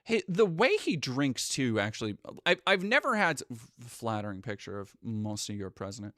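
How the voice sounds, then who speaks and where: A man's voice: medium pitch, sing-song, moderate pace, fairly bright tone, no room sound, studio quality. A man live streaming, rambling through sarcastic casual commentary with lots of restarts.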